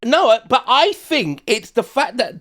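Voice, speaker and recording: A man's voice: extremely high pitch, very animated, fairly bright tone. A British man, a foreign correspondent, chatting in a jokey, easygoing way over a remote call. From United Kingdom. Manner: chatty and jokey, drawn-out laughs. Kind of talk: casual chat.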